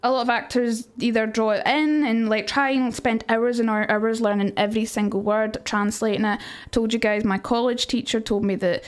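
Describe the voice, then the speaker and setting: A young Scottish woman teaching Shakespeare on a casual livestream, rambling and answering chat as she goes. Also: on the high side.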